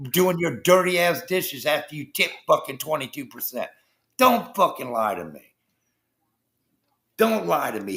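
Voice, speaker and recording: Gravelly man ranting with heavy swearing. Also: fairly high pitch, bright, forceful tone. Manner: heated, swearing constantly, addresses chat viewers. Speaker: livestream host. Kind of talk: profane political rant on a livestream.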